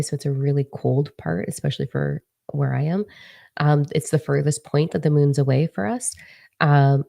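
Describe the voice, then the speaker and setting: A woman's voice: low voice, creaky, dark tone, no room sound, studio quality. A young woman giving a chatty spiritual talk, swearing freely and acting out other people's voices. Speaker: spiritual channeler. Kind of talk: casual spiritual vlog talk.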